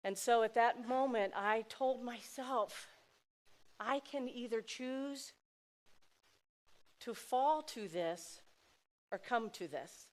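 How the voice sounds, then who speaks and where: Middle-aged woman speaker, heartfelt and emphatic, slightly high voice, loud bursts and quiet asides. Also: takes it slowly, long pauses. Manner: heartfelt, emphatic, swings between loud exclamations and soft asides. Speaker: speaker at a dinner event. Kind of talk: personal speech to an audience.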